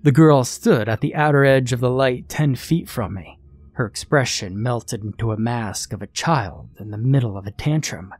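A man narrating a scripted horror story in a measured, suspenseful way. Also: medium pitch, a little mellow, no echo.

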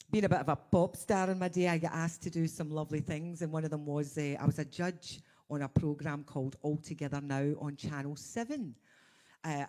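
A woman's voice: low voice, mellow. A Scottish woman hosting a chatty live stream as a singing teacher, bubbly and laughing often, with a slight frog in her throat.

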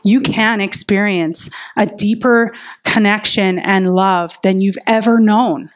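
A woman's voice: mid-range voice, slow pace. A woman preaching a sermon in an earnest, personal way, telling stories of her own faith. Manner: earnest and personal, with lively retold inner dialogue.

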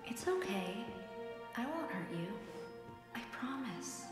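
An actress voicing an anxious young woman in a video game, speaking softly and reassuringly. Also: fairly high pitch, very animated, takes it slowly. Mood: gentle. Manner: soft, gentle, reassuring. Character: anxious young woman exploring an ink-flooded studio. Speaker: game protagonist. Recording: echoey hall with loud music.

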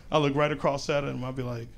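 A man's voice: mid-range voice, level tone, fairly quick, vocal fry. A young man doing a stand-up comedy set, brash and slangy, with punchy delivery on a club stage. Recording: loud crowd laughter behind. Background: audience laughing.

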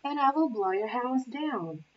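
A woman's voice: on the high side, lively intonation, measured pace, a little hiss or hum. A woman voicing a big bad male wolf who growls his demands in a storybook reading. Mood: menacing. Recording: muffled, from far off the mic.

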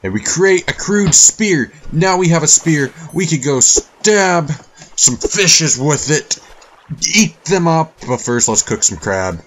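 A man's voice: a little high, very animated, slow, fairly bright tone, a little hiss or hum. A man doing let's-play commentary on a survival game, rambling and easily frustrated, talking to things in the game. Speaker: gaming YouTuber.

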